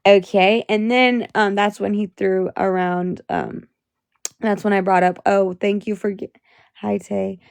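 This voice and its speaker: Brief: young woman livestreamer, angry profane venting, gravelly fry, dry close phone sound. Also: mid-range voice, steady tone, a little slow, dry recording. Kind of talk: livestream rant to chat.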